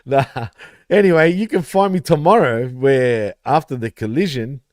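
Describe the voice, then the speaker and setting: A man's voice: medium pitch, moderate pace, darkish tone, no echo, studio quality. A man, co-hosting a casual podcast chat with profane, laughing banter. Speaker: podcast co-host.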